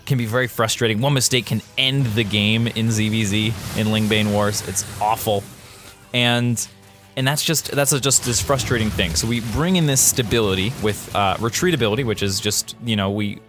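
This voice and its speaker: Brief: male game developer, casual commentary over footage, excitable exclamations, faint music bed. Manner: animated, quick exclamations and jumps in pitch.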